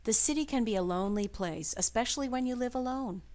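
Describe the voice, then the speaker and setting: A woman voicing a friendly, nosy female neighbor in a video game, chatty and gently prying. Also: fairly high pitch, fast, close to an everyday voice. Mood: caring. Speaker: game character voice.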